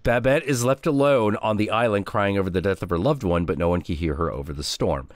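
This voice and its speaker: Brief: male stream host, low, expressive voice, dry recording. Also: a little fast, dry recording. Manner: animated, profane, with frequent restarts. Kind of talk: casual storytelling chat on a stream.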